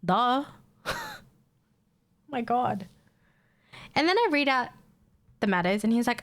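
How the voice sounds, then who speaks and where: A young woman streamer chatting casually and telling a story, blunt and sweary, quick to mimic the people she talks about. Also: on the high side, lively intonation, fairly bright tone. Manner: mimics callers and herself in quoted bits. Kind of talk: casual chat, venting a story.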